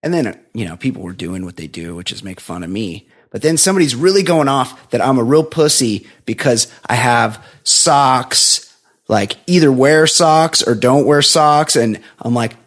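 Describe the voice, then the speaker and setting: A man co-hosting a podcast, telling a long rambling story in casual chat and dropping into a low flat voice to mimic others. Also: moderate pace. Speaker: podcast co-host.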